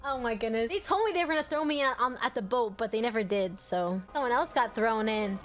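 Young woman gamer talking over her match, kinda high voice, gets yelly and giggly fast. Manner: chatty and excitable, quick to laugh and yell at teammates. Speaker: gaming streamer. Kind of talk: casual gameplay commentary.

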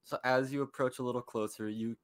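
A young man narrating as dungeon master in a casual tabletop game, pausing often with fillers. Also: mid-range voice, fairly even intonation, dry recording.

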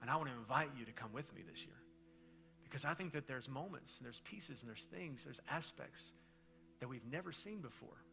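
A middle-aged man preaching a sermon as pastor, telling stories in a loose, conversational way and swinging between loud bursts and hushed moments. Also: mid-range voice, lively intonation, fairly quick, vocal fry, soft background music.

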